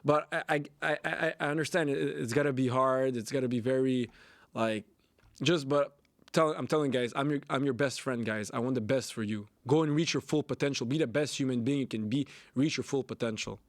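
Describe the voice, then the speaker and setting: A man's voice: mid-range voice, fairly quick, dry recording, studio quality. A young man hosting a solo podcast, ranting bluntly with lots of swearing and repetition. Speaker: podcast host. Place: Canada.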